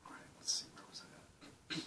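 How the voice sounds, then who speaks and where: A man's voice: normal speed, sharp tone, whispered, distant mic, rough recording. A man casually vlogging at home into his phone, muttering and swearing while joking about himself. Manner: profane, self-mocking, muttering. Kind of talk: casual rambling video diary. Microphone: phone camera.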